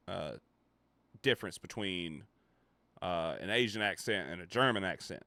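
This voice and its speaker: A man's voice: deep voice, animated, normal speed, long pauses, pushed and bright, no room sound. A man streaming a reaction to a video, thinking aloud in casual commentary with fillers and restarts.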